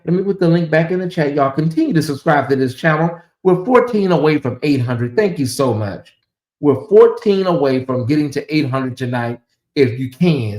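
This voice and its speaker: A middle-aged man hosting a casual livestream, talking straight to his chat in an animated, teasing way. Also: medium pitch. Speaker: livestream host. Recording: echoey room.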